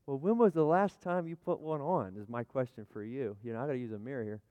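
A man's voice: medium pitch, fast talker, mellow, dry recording, highs cut off. A middle-aged man preaching a chatty, folksy sermon, full of restarts and asides, joking with the congregation and calling for amens. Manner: jokes with the congregation, calls for amens. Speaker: pastor. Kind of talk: conversational sermon with props.

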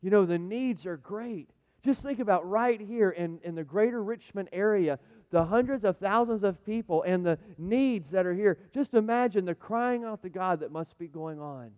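A man preaching a sermon as pastor, dynamic, swinging between loud appeals and hushed asides. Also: sits high, normal speed. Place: church sanctuary. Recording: echoey hall, dull lo-fi sound.

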